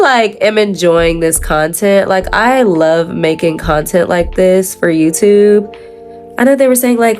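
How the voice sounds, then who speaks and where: A young adult woman chatting casually while doing her makeup, rambling with lots of fillers and self-corrections, slangy and quick to laugh. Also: on the low side, a little mellow, faint music behind. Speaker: makeup vlogger.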